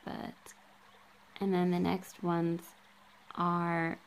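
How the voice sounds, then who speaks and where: A woman reads from a book at an unhurried, slow pace, her low voice catching in a gravelly fry. She marks every quoted passage aloud and breaks off for relaxed asides full of ums. She films herself on a handheld camera. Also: poor audio. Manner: casual, with frequent ums. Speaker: book vlogger.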